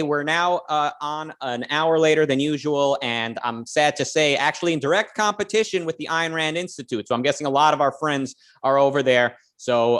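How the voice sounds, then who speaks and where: A man's voice: mid-range voice, fairly bright tone. A man co-hosting a casual livestream, talking loosely and joking, with plenty of fillers and restarts. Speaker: co-host.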